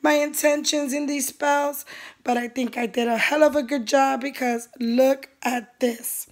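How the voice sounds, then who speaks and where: A woman's voice: sits high, fairly even intonation. A woman spell caster talking casually to her clients in a vlog, tired and apologetic with a worn-out voice. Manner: weary and apologetic, drawn-out.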